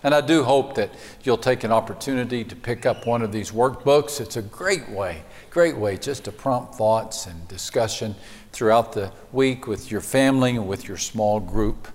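A man's voice: mid-range voice, normal speed, darkish tone, big-room sound. A man, a pastor preaching a sermon and telling folksy stories with hesitant fillers.

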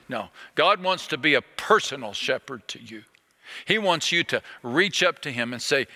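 Earnest preaching man, bright voice, reverberant. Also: fairly high pitch, animated. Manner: earnest, pleading, slows down on key phrases. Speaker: pastor. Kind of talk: sermon.

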